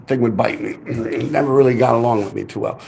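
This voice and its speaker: A man's voice: medium pitch, fast talker, creaky, darkish tone. A man telling a rambling, profane story on a casual livestream. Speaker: livestream host.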